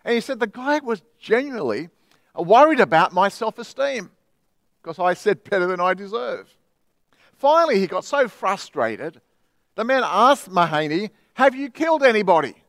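A middle-aged man with an Australian accent preaches with earnest emphasis, leaning hard on his key phrases. His voice sits fairly high for a man. The sound is dry, with almost no room around it. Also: sing-song, moderate pace, a bit bright, no echo. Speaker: pastor. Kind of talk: sermon.

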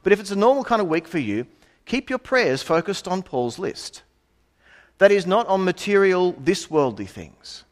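A man's voice: high voice, very animated, moderate pace. A middle-aged man preaching a sermon in a conversational way, with asides and rhetorical questions.

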